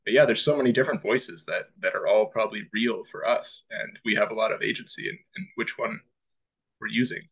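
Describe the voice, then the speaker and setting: A man co-hosting a podcast in casual conversation, rambling and animated, laughing easily. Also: fairly low pitch, husky. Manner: rambling, animated, quick to laugh, many "like" fillers. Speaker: podcast co-host. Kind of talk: casual chat.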